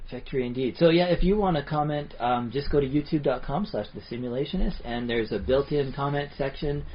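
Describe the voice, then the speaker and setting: A man's voice: medium pitch, a little fast, a little hiss or hum. A man co-hosting a casual podcast, easygoing and often laughing. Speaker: podcast co-host. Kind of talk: casual chat. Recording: dull lo-fi podcast audio.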